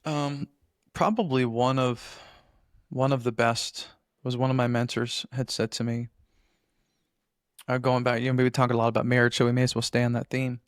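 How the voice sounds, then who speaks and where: A man's voice: mid-range voice, little pitch movement, moderate pace, clean tone, dry recording, clean studio sound. A man as a podcast guest, talking earnestly in a casual interview and often restarting his phrases.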